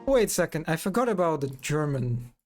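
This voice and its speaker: A woman's voice: deep voice, sing-song, fairly quick, darkish tone, soft background music. A woman streamer chatting casually on a live stream, giggling, curious and repeating words aloud to test them.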